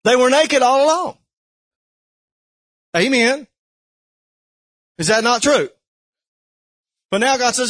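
A man preaching a sermon, fervent and building to shouts with repeated questions. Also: extremely high pitch, animated, measured pace, pauses often.

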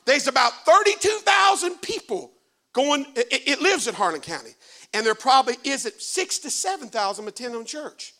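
A male preacher gives a folksy church sermon at normal speed. His very high voice has bright, forceful edges and a lively rise and fall, sinking to hushed asides before building to shouts.

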